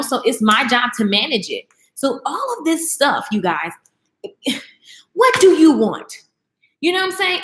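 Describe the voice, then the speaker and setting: A woman hosting a live stream who gives a casual, preachy faith talk and speaks straight to her viewers with animated energy. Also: sits high, echoey room.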